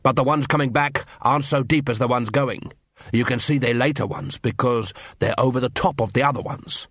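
A man's voice: medium pitch, a bit bright, slightly rough, no echo, clean studio sound. A man voicing a curious male dwarf who thinks things through aloud, read as an audiobook character. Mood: reasoning. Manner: quick-thinking, explaining, reasoning aloud.

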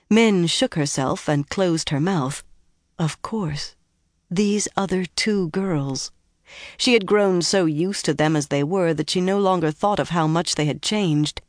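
An audiobook narrator reading a fantasy novel in a measured, even way. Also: medium pitch, no room sound, studio quality.

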